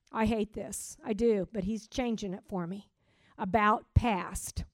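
A woman preaches a sermon in a slightly high voice. She punches her declarations out loudly, then sinks into hushed, almost whispered asides. The sound is close and dry, with no room echo. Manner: swings from loud emphatic declarations to soft near-whispered asides.

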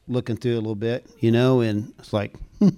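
Older man giving a casual testimony to a congregation. Smooth, clear voice, rambling, chuckles at his own jokes. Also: mid-range voice, flat delivery, fast, warm tone.

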